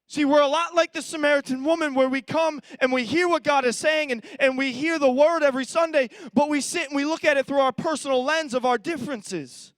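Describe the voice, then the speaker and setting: High-voiced pastor preaching emphatically. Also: male voice, a little fast, hardly any pauses, a bit bright, dry recording. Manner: emphatic, repetitive preaching with restarts. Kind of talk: sermon.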